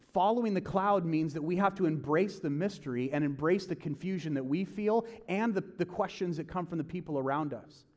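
A man's voice: on the high side, darkish tone. A man in his thirties preaching a sermon in a casual, conversational way, acting out the voices he quotes. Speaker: pastor. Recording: long hall reverb.

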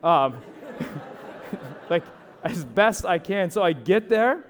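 A young man, a pastor, telling a chatty, animated story from the pulpit, with asides to the listeners. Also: high voice, slow pace. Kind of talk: storytelling sermon.

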